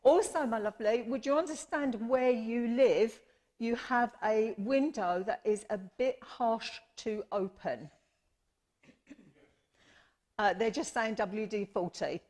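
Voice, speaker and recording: In a live mediumship demonstration at a church service, a woman medium speaks slowly in a rather high, a little mellow voice. She is affectionate and chatty as she gives readings, often calling folks "my lovely" and offering apologies.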